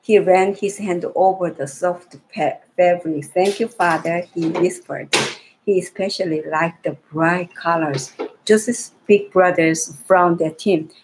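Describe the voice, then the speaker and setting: A woman reading a Bible story aloud to young children in a gentle way, often restarting and repeating phrases. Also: fairly low pitch, steady tone, a little slow, background noise.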